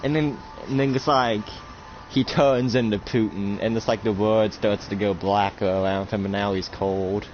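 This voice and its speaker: Low-voiced man narrating a casual role-play. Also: fairly even intonation, moderate pace, faint music behind. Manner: rambling, with many restarts. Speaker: game master narrator. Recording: muffled lo-fi, loud noise.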